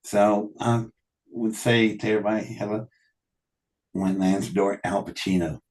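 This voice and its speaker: A man telling animated anecdotes in a casual conversation, often laughing and quoting what people said. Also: fairly low pitch, moderate pace. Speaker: guest telling stories. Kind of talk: casual storytelling.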